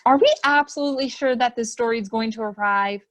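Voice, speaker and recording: A woman's voice: a little high, a little fast, lo-fi sound, natural voice. A woman voicing a worried little bear in a picture book she reads aloud to small children, fretful and questioning.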